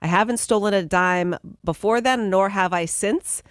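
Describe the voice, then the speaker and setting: A woman's voice: mid-range voice, normal speed, dry recording, studio quality. A woman reading offbeat news stories on a morning radio show in an upbeat way. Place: radio studio. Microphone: studio mic.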